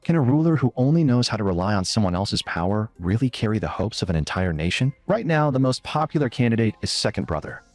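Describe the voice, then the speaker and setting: A man narrator voicing an earnest young princess in a recap story, raising his pitch. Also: very animated, quick pace, few pauses, a little mellow, dry recording, soft background music.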